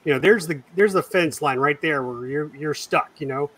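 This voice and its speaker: A man's voice: fairly high pitch, normal speed, a bit bright, far from the mic. A middle-aged man co-hosting a casual chat, enthusiastic and talking to listeners. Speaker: co-host.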